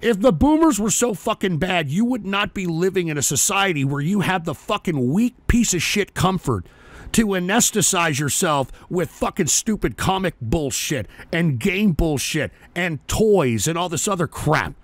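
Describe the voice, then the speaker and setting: A man hosting a call-in radio show, ranting in a loud, profane, mocking and belligerent way. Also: high voice, lively intonation, normal speed, dry recording. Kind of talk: combative call-in radio rant.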